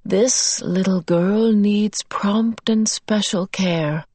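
A woman voicing a calm, caring tentacled alien beast in a storybook reading, speaking slowly and searching for words. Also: mid-range voice, no echo. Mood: soothing. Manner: slow, careful, searching for words.

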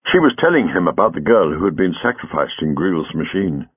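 A man reading a story aloud in a measured storytelling manner. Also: low-pitched, sing-song, a bit bright, husky, no echo, lo-fi sound. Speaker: audiobook reader. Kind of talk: scripted narration.

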